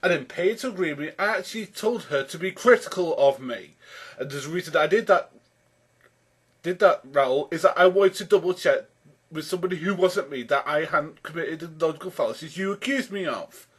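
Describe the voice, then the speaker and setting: A man's voice: on the high side, animated, fairly quick, a bit bright, husky. A man giving an argumentative response commentary, exasperated, often calling his opponent by name and restarting his sentences as he builds each point. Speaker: YouTube commentator rebutting a video.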